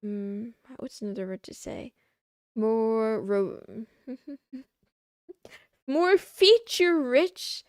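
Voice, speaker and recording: High, slow-talking sarcastic streamer woman. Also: no echo, studio quality. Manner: sarcastic, playful, answering chat. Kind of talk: casual live-stream chat.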